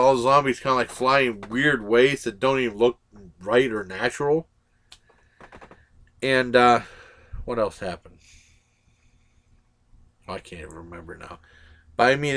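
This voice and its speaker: A man's voice: medium pitch, a bit bright. A man giving a casual movie review, blunt and rambling, with lots of "uh" and restarts.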